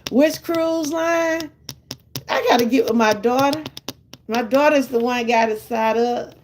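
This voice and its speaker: An older woman with a Southern US accent chats casually with her live viewers on a stream, laughing often. Her voice is fairly high and her pace moderate, with slight background noise.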